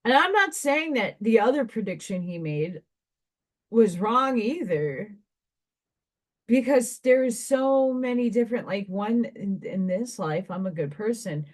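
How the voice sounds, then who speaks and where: A woman's voice: fairly high pitch, animated, measured pace. A woman giving a spiritual card reader's monologue to her viewers, meandering and conversational and thinking aloud with asides.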